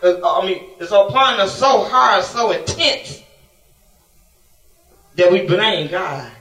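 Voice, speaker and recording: A man's voice: sits high, expressive, slow, pushed and bright. A man preaching a sermon, pleading with God in a passionate, swinging delivery. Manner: impassioned, swings between pleading and laughing. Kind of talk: sermon with storytelling. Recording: echoey room, mic from a distance.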